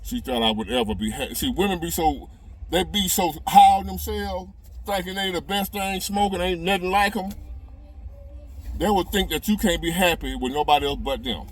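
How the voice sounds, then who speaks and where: A man's voice: sits high, normal speed. Drawling man telling a story. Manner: drawling, folksy, talks straight to viewers. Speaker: relationship advice video host. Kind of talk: casual storytelling monologue. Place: inside a parked car.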